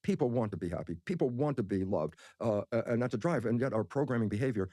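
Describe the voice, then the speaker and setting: A man speaking as a podcast guest, telling personal stories in an excited, animated way and often repeating his words. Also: medium pitch, fast talker, no echo, clean studio sound. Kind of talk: animated storytelling in conversation.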